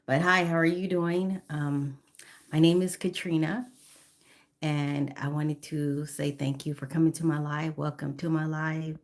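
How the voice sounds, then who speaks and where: A woman's voice: deep voice, fairly even intonation, measured pace. A woman in her fifties chatting on a phone live stream, greeting viewers by name and apologizing now and then. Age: 50s. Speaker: livestreamer.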